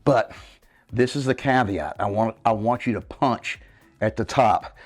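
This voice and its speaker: A fitness coach in his fifties sounds animated, with medium pitch and normal speed, over soft background music. Working out in his home living room, he loses breath while demonstrating moves and keeps checking in: "okay, guys?"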